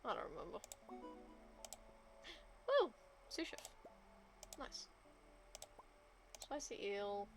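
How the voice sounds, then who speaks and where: A woman's voice: mid-range voice, big pitch swings, unhurried, gravelly, long pauses, slight background noise. A young adult woman streamer chatting casually over her game, muttering to herself and now and then whispering a swear under her breath. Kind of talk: casual gameplay commentary.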